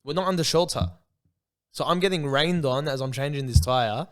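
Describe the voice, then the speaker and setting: A man's voice: a little high, lively intonation, normal speed, a bit bright. A young Australian man co-hosting a podcast, telling a long rambling anecdote in a casual chat and saying "bro" often. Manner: rambling anecdote, peppered with "bro" and acted-out quotes. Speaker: podcast co-host.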